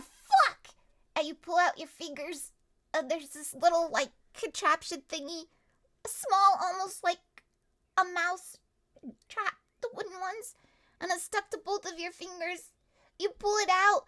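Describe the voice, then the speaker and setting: A young woman running a tabletop story game as game master, animated and quick to yell and laugh. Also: very high voice. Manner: animated, bursts into yelling and laughter.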